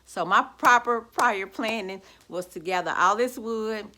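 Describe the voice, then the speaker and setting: A woman talks straight into the camera at home, casual and gloating as she rants to her viewers. Her voice is bright and forceful, and she keeps a sassy, unfiltered manner throughout. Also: mid-range voice, unhurried. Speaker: vlogger. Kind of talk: casual ranting vlog. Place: at home, indoors.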